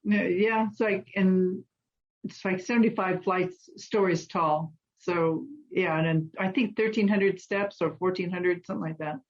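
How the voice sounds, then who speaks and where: A woman guest in an interview, telling animated stories and acting out the voices of people in them. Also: fairly low pitch, unhurried, highs cut off. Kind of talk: storytelling in an interview.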